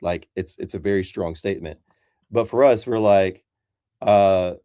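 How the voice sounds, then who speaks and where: A man's voice: low-pitched, measured pace, dark tone, smooth, dry recording, clean studio sound. A man calling in as a Christian, talking in a casual, rambling way full of fillers. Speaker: Christian caller. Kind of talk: casual debate chat.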